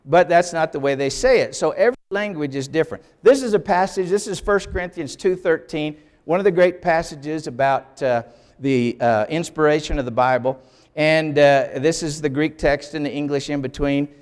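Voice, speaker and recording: A man's voice: a little high, moderate pace. An older man giving an emphatic classroom lecture on the Bible, explaining step by step and asking for the next slide. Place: lecture hall. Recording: long hall reverb.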